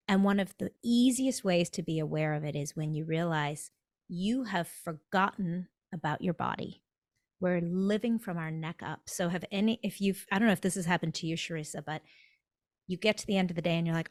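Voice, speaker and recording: A woman speaking as a dentist guest on a podcast, emphatic and animated, stressing her points with repetition. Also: on the low side, normal speed, no echo, clean studio sound. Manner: emphatic, animated, acts out inner thoughts. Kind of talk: motivational conversational talk.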